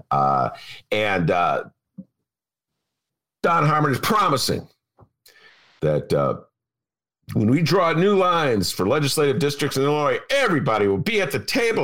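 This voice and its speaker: An older man hosts a talk show with a gravelly, bright voice that swings wildly in pitch. He rambles through stories, laughs often and breaks into loud outbursts. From Chicago. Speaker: podcast host. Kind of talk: casual political chat.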